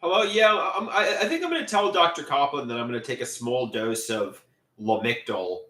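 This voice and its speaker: A man talks to his live stream viewers in halting bursts, repeating himself and restarting his sentences. His voice is bright and swings up and down a lot. The room around him sounds echoey. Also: mid-range voice, animated. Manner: halting and repetitive, stammers and restarts often. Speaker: livestreamer. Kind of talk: live stream chat, reading viewer comments.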